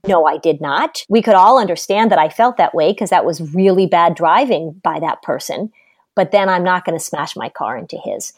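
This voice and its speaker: Middle-aged woman, parenting expert, firm and emphatic, slightly low voice, dry close sound. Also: darkish tone, dry recording. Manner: emphatic, firm, uses everyday examples. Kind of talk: casual conversational advice.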